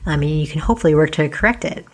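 A woman astrologer in casual explanatory talk, chatty with lots of fillers and tag questions, speaking quietly as she starts to lose her voice. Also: deep voice, very fast. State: losing her voice.

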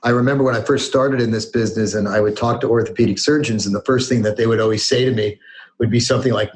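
A man's voice: medium pitch, steady tone, fast talker. A man hosting an interview, asking friendly, probing questions in a conversational way. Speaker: host.

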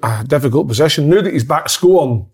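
A man's voice: fairly high pitch, expressive, fast, a little mellow, slightly rough. A man in a casual football chat with friends, rambling and often restarting his sentences. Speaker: football podcast pundit.

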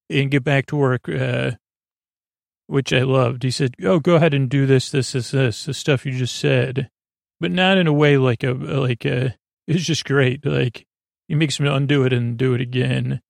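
Man, sleepy podcast recap, halting and offhand, dry close sound, gravelly. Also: medium pitch, no room sound. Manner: halting, full of filler words; loose, offhand retelling. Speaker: podcast host. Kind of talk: rambling episode recap for sleep.

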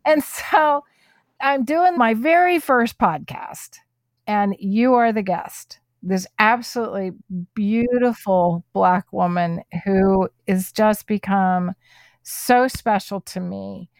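A woman hosts a podcast in a relaxed, unhurried way, gushing with enthusiasm as she chats. Her voice sits at a middle pitch and is recorded close and dry, with no room sound around it. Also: dry recording. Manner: effusive, enthusiastic. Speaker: podcast host. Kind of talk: casual podcast chat.

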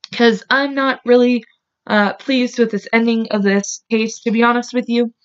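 A woman's voice: on the high side, highs cut off. An American woman hosting a true crime podcast, retelling events in a casual, filler-heavy way and swearing when angry. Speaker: podcast host.

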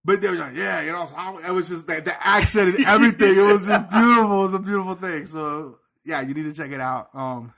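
A man co-hosting a podcast in casual chat, an animated storyteller who laughs often and repeats words as he talks. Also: sits high, fast, vocal fry, few pauses, crowd noise. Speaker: podcast co-host.

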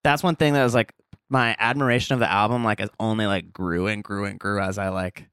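A man's voice: lowish voice, steady tone, fairly quick, fairly bright tone, clean tone, dry recording, studio quality. A man being interviewed as a musician guest on a podcast, rambling casually with lots of "like" and easy laughs. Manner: rambling, heavy use of "like", laughs easily. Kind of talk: casual conversation.

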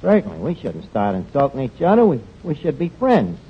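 A man's voice: medium pitch, huge pitch swings, brisk, breathy edge, heavily acted. A man playing a brash, pompous New tavern manager who mangles big words in a 1940s radio comedy. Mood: cheeky. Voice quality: malapropisms, wisecracking. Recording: dull, noisy 1940s radio broadcast.

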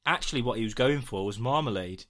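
A man's voice: mid-range voice, animated, quick pace, a crowd in the background. A man co-hosting a podcast, in a joking, rambling, self-mocking casual chat. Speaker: podcast co-host.

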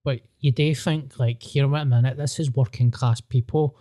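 Blunt Glaswegian man, mellow voice. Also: medium pitch, steady tone, moderate pace. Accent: Glaswegian Scottish. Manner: blunt, swearing, self-mocking storyteller. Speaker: podcast host and stand-up comedian. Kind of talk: casual podcast chat.

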